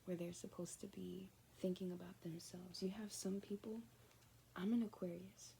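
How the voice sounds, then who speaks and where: Woman, spiritual card reader, casual and meandering, soft mellow voice with a faint hiss behind. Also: lowish voice, steady tone, moderate pace, gravelly. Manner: rambling and conversational, often dropping to a near-whisper. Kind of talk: casual spoken reading to viewers.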